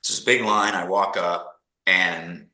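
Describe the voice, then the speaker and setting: Man from Canada, middle-aged, deep, bright and forceful, animated storyteller, echoey room. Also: a little slow. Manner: animated storyteller acting out quoted people. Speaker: guest. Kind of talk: casual storytelling interview.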